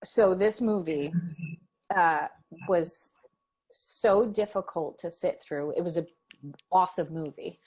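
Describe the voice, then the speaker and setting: A woman's voice: lowish voice, slow, pauses often, darkish tone, breathy edge. A young adult woman co-hosting a podcast, telling a story in a chatty way, full of "like". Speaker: podcast co-host. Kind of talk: casual chat.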